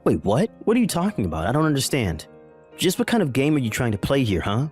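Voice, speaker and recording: A man acts out a bewildered husband in a text-message story drama. His voice is mid-pitched and swings widely as he fires off alarmed questions. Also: wildly swooping pitch, fast talker, a little mellow, faint music behind. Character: bewildered husband, pleading and confused.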